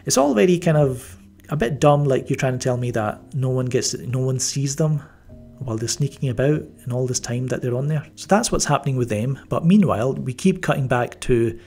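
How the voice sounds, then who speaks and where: A man's voice: medium pitch, fairly quick, creaky, a little mellow. Rambling, wry male film reviewer. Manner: rambling, with frequent fillers and restarts; wry, mildly sarcastic. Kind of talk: casual spoken movie review.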